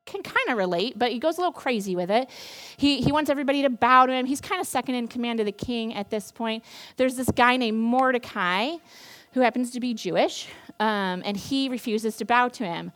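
Young woman campus speaker, casual sermon, playful storyteller with a slightly high pitch. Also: fairly quick, a bit bright. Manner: chatty, playful, acts out quoted characters. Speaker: campus ministry staff speaker.

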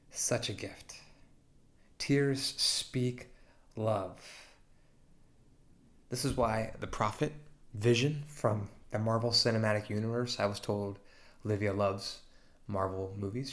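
Pastor, male, low voice; slow, tender memorial eulogy with long pauses.

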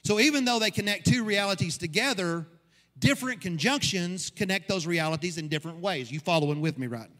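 High-voiced preaching pastor in a hall. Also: male voice, a little fast, a bit bright. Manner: preaching, rising to emphatic peaks. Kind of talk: sermon. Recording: long reverb of a hall.

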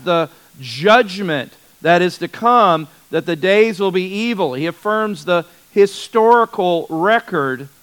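A man leads a Bible study in an easygoing, conversational teaching voice. His voice sits somewhat high and sounds smooth and resonant, and he hammers home key words by repeating them. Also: a bit bright, low-quality recording. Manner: conversational, repeats words for emphasis, frequent restarts.

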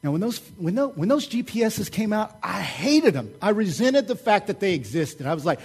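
A middle-aged man preaching a sermon, telling stories in a casual, joking and animated way. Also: high-pitched, moderate pace, hardly any pauses, husky. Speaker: pastor.

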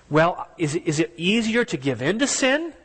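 A man's voice: sits high, very animated, measured pace, fairly bright tone, slightly rough, big-room sound. A man preaching a sermon in an earnest, conversational way, asking his listeners questions as he goes. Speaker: pastor.

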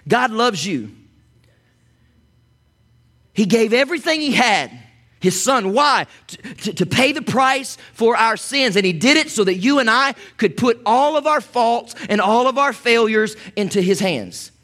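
High-voiced man preaching a sermon. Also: animated, a little slow, sharp tone. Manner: conversational preaching with asides to the congregation. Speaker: pastor.

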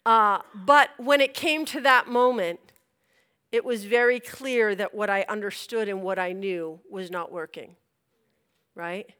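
A woman giving a testimony sermon as a church leader, telling her story in an animated way, acting out scenes and laughing between lines. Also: mid-range voice, measured pace, clean tone.

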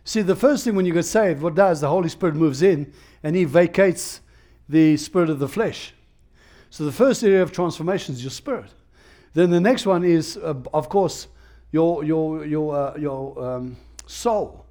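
Emphatic preacher man, slightly high voice. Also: normal speed, mellow. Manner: emphatic, repetitive preaching with restarts. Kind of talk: sermon.

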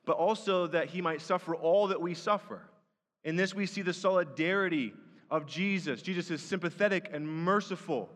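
High-voiced preacher in a reverberant hall. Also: male voice, fairly bright tone. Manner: earnest, rising to emphatic repetition. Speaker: pastor. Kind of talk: sermon.

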